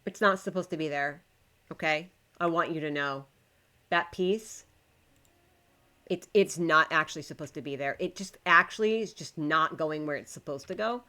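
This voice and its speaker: A woman's voice: low voice, normal speed, bright, forceful tone. A woman streaming live, chatting casually to her viewers and to the game while she builds, swearing when it frustrates her.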